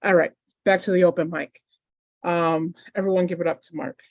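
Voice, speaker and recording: A gravelly open mic host introducing the next poet in loose, slangy chatter with plenty of fillers. The sound is dry and dull, like lo-fi audio with no room around it. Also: mid-range voice, steady tone, moderate pace, darkish tone, no echo. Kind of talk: casual emcee banter.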